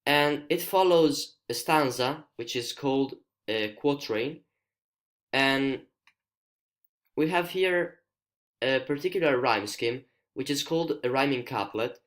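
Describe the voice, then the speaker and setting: A male student with an Italian accent, a native Italian speaker, explaining a poem in a screencast lesson, careful and hesitant, pausing to find his words. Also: mid-range voice, fairly bright tone. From Italy.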